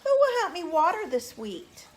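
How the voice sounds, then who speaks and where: A woman's voice: very high-pitched, very animated, moderate pace, voice pushed up. A woman voicing a hard-working little red hen in a read-aloud folk tale, asking earnestly.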